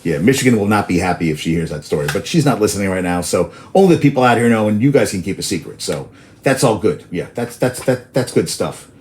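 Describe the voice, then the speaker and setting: A man's voice: on the low side, animated, fast, a little mellow, a little hiss or hum. A man hosting a casual sports talk show, rambling through stats and personal tangents, cursing freely, apparently outdoors in New York.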